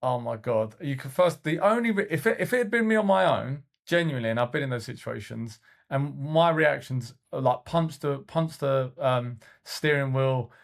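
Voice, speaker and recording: A man's voice: mid-range voice, normal speed, creaky, few pauses. A man co-hosting a casual podcast, telling coaching stories in a rambling way full of fillers and restarts. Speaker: podcast co-host and youth football coach.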